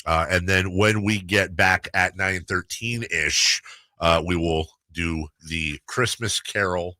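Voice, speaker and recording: A forceful, punchy male radio host with a bright, hard edge to his voice, arguing his case through the numbers. He sounds close and dry on a studio mic, with a low-ish voice. His delivery is blunt and opinionated. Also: slow pace, no echo. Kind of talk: sports talk radio. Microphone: studio broadcast mic.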